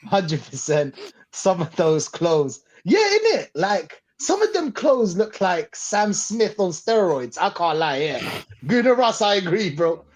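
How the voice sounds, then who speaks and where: Slow-paced and high-voiced, with big swings in pitch, a man runs a live fan show through a video call. He chats casually, reading out what viewers comment and responding to each.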